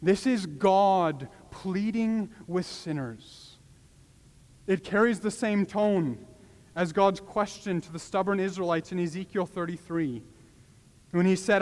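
A man's voice: high-pitched, animated, a little slow, a little mellow, long reverb tail. A man preaching a sermon, pleading with passion and rising to urgent cries.

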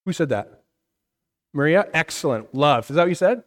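A man's voice: a little high, lively intonation, moderate pace. A man in his thirties, a pastor preaching a conversational sermon, asking the room questions and often checking in with "right?". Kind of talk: interactive sermon teaching. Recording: reverberant hall.

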